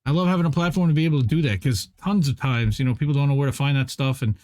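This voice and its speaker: A man hosting a live stream, talking casually and voicing opinions with quick asides. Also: mid-range voice, darkish tone, no echo, clean studio sound. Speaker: show host.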